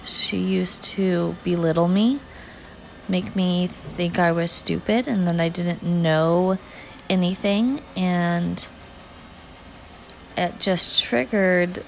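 A woman candidly recounting a frustrating day, swearing now and then and pausing with fillers and restarts. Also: fairly low pitch, creaky, a little hiss or hum, poor audio. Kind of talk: personal storytime vlog.

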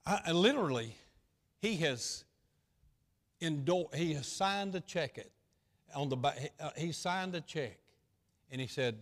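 A male pastor preaching a sermon in a folksy, repetitive way, swinging between loud stretches and hushed ones. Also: fairly high pitch, animated, unhurried, pauses often, big-room sound.

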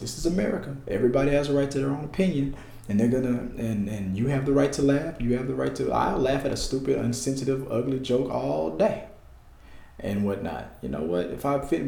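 A man's voice: medium pitch, gravelly, a little mellow, roomy sound. A man talking in a casual, heated political rant, emphatic and repetitive, with frequent restarts. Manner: heated, emphatic, repeats himself, restarts often.

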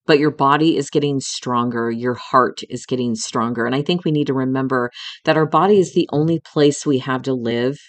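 A woman's voice: a bass voice, moderate pace. A middle-aged woman hosting a podcast, telling a personal story in a candid, emotional way, with some swearing and talking straight to the listener as a friend. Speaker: podcast host.

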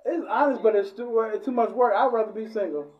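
A man argues in a casual podcast chat, rushing his words and circling back with repeated phrases. The recording sounds dull and lo-fi. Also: high voice, slight background noise. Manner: fast, repetitive, interjecting.

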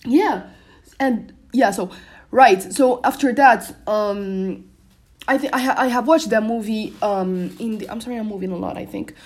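A young woman, a native French speaker, chats through her own solo podcast from her bedroom. She rambles loosely, restarting sentences and leaning on fillers, at a mid pitch for a woman. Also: unhurried. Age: young adult. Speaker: podcast host. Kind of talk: casual solo podcast chat. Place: her room at home.

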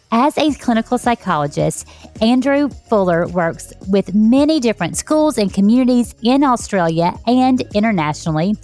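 A woman's voice: mid-range voice, a little mellow. A woman from Texas, hosting a podcast interview in an enthusiastic, effusive way. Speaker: podcast host.

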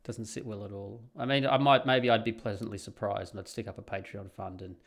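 A man's voice: fairly low pitch, steady tone, fairly quick. An Australian man talking casually and bluntly on his solo podcast, rambling with sardonic asides. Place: home in the Netherlands.

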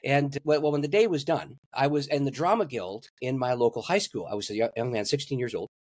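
A man's voice: medium pitch, quick pace, a little mellow, no echo, studio quality. A man, a pastor and guest, telling a story in an interview and laughing at his own stories.

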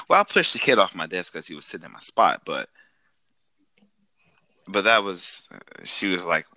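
Deep-voiced man in a relaxed chat. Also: moderate pace, no echo. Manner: laid-back, chuckles along and adds his own stories. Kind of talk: casual chat.

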